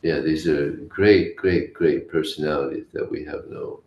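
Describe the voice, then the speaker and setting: A man teaching a scripture class, telling stories in a halting way with restarts. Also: extremely low pitch, steady tone, darkish tone, dull audio. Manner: halting, with restarts and story voices. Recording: echoey room, faint hiss.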